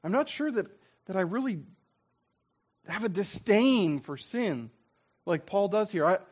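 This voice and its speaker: A man preaching a sermon as a pastor, in a lively, conversational way that acts out what people say. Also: sits high, measured pace.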